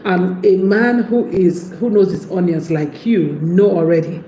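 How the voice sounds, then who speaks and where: A woman's voice: fairly low pitch, a little slow, mellow. A woman giving casual relationship advice, chatty and laughing often as she acts out what a partner might say. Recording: echoey room with faint background noise.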